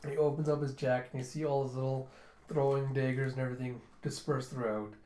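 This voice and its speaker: A man's voice: medium pitch, level tone, fast talker, a little mellow. A man chattily retelling a comic book as a casual reviewer. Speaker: manga reviewer. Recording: echoey room.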